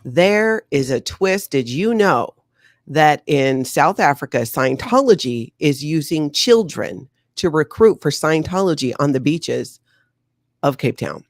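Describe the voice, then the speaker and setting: A woman's voice: low voice, unhurried, no echo, studio quality. Chatty woman hosting a livestream. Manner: chatty, animated, laughs often. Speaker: livestream host. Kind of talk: casual livestream chat.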